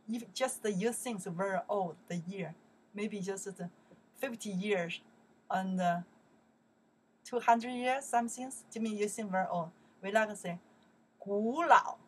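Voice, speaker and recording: Chinese-accented woman teacher; slow, patient delivery with repeated questions; mid pitch, a little husky. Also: far from the mic. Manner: slow, repeats words and asks herself questions. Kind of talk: bilingual language lesson.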